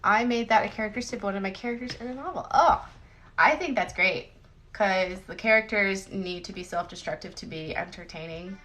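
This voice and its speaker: A woman's voice: mid-range voice, a little fast, fairly bright tone, low-quality recording. A woman author chatting casually with viewers on a phone livestream, rambling and giggly, often joking about herself.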